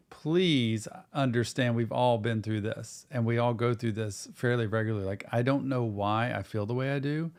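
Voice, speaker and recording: A man's voice: medium pitch, fairly even intonation, moderate pace, few pauses. Earnest man hosting a reaction stream. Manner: earnest, encouraging, talks directly to viewers, says "y'all". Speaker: therapist host of a music reaction show. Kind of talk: casual reaction-stream commentary.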